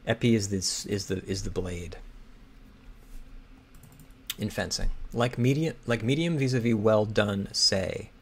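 Slow, gravelly man muttering crossword clues. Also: lowish voice. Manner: muttering, hesitant, reads clues aloud slowly. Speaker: crossword solver. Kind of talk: thinking aloud while solving. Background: keyboard typing and clicking.

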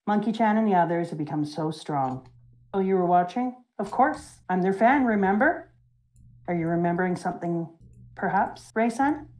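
A woman voicing a calm older bar owner, soft, low and knowing. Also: normal speed, natural voice.

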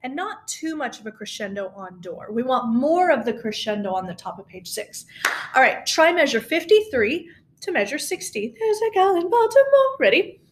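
A woman's voice: fairly high pitch, big pitch swings, moderate pace, a little hiss or hum. A woman choir teacher giving a recorded singing lesson, upbeat and encouraging as she walks through the music step by step. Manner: upbeat, encouraging, coaching with clear instructions.

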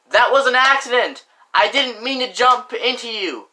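A young male vlogger rants to camera in a casual, indignant monologue, his voice extremely high, pushed and bright at normal speed. He leans constantly on "like" and "frickin'", with plenty of fillers and mild swearing, and the audio is poor.

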